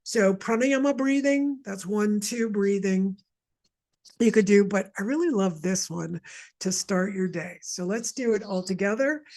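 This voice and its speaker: A woman from Montreal, Canada, an energy healer, leads a guided wellness session in a medium-pitched, slightly mellow voice. She's chatty and rambling with plenty of asides, and she has mild asthma.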